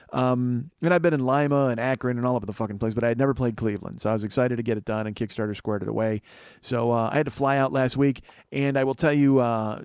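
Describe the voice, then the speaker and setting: A man's voice: mid-range voice, a little mellow, dry recording. A man hosting a podcast, telling rambling, profane comic stories in a casual monologue. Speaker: podcast host.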